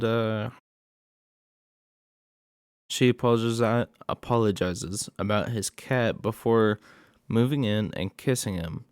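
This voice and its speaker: A man's voice: lowish voice, a little mellow, clear, resonant tone, no room sound, studio quality. A man casually recapping a horror movie plot in a rambling way, with many fillers and asides.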